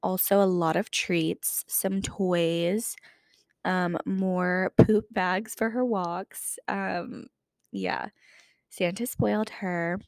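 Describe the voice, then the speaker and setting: A woman's voice: lowish voice, fairly even intonation, extremely slow, no echo, clean studio sound. A woman in her twenties hosting a podcast, chatting casually and filling her talk with "like". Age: 20s. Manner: chatty, lots of "like" fillers. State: lingering cough. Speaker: podcast host. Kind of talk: casual chat.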